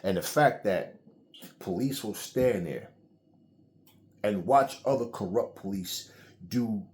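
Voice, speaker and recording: Middle-aged male host, low-pitched, angry blunt rant with heavy cursing. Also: slow pace, darkish tone. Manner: blunt, heated, swears freely. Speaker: channel host. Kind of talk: angry solo commentary.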